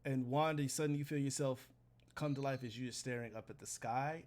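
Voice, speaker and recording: Game master guy narrating the scene, steady and descriptive, mid pitch. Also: brisk.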